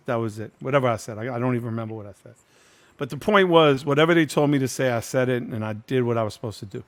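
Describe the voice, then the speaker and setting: Profane, animated man telling a story. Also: medium pitch. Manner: candid, profane, animated storyteller acting out quotes. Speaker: host. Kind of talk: casual storytelling on a video call.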